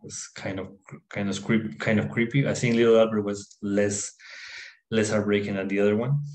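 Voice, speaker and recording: A man explaining ideas about the mind in his apartment, in a halting way with many fillers and restarts. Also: fairly low pitch, level tone, darkish tone, reverberant, low-quality recording. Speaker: self-help video presenter. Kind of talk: informal talk to camera, reading a text aloud. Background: dog barking, fireworks and freeway traffic outside.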